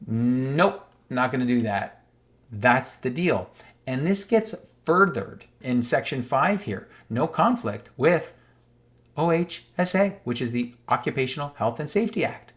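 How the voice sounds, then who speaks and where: A man's voice: mid-range voice, expressive, measured pace, a bit bright. A man from Canada reading a legal document aloud on screen and explaining it emphatically, repeating the key points. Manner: emphatic and repetitive, stressing key words; reads passages aloud, then restates them plainly. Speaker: online commentator.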